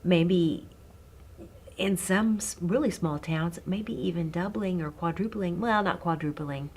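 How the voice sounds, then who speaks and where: Husky low-voiced woman interviewer. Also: a little slow, darkish tone. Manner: encouraging, with frequent murmured agreement. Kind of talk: conversational interview.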